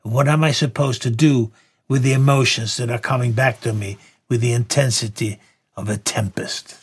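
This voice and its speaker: A man voicing Simon, a man speaking through a woman's body, slow, pleading and reproachful, with a husky voice. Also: medium pitch, steady tone. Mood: aggrieved pleading.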